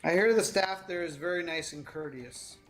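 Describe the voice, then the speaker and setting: A man's voice: on the high side, normal speed, a bit bright, faint music behind. A man chatting while gaming with friends, teasing them in a mock-earnest, sarcastic way. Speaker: stream guest. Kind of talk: casual chat while gaming.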